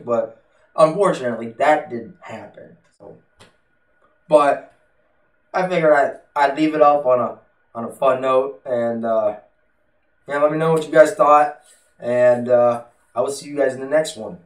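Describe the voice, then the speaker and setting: A man's voice: mid-range voice, unhurried, pauses often. A man vlogging to camera, telling a story in a blunt, casual way and swearing freely. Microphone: desktop USB mic. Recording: echoey room, distant from the mic.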